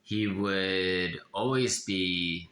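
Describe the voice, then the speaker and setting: A man giving a blunt, profane confessional monologue as an author, halting and restarting often. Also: low voice, a bit bright, reverberant. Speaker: author of a self-help memoir.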